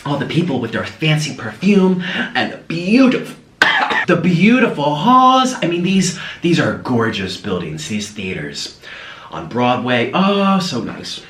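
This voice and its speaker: Casual food vlogger guy, kinda high voice, roomy echo, chats away and coos at his pet. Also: wildly swooping pitch, slow pace, fairly bright tone. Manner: chatty, coos at his pet between bites. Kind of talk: casual mukbang chat to camera. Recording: echoey room with faint noise.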